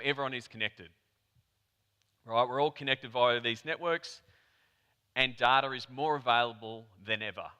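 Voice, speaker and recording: An Australian man from Melbourne giving a conference talk, telling a chatty anecdote with quick asides to the audience. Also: mid-range voice, sharp tone, smooth. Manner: chatty storyteller, rapid asides. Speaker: conference presenter. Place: conference hall. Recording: reverberant hall.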